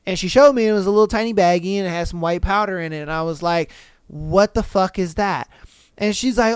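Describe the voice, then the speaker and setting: A man's voice: sits high, brisk, clear, resonant tone, dry recording, clean studio sound. Slangy young man hosting a podcast. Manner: slangy, profane, animated storytelling. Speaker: podcast host. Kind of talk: casual solo podcast commentary.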